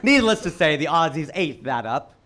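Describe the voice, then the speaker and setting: A man from the United States doing a stand-up comedy set, with an animated, incredulous punchline delivery. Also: on the high side, moderate pace.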